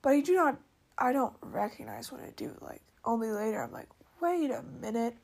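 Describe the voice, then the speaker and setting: Solo podcast host, female, gravelly husky voice, unhurried rambling chat. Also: fairly high pitch. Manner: rambling, chatty, many fillers and soft asides. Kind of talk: casual solo podcast monologue.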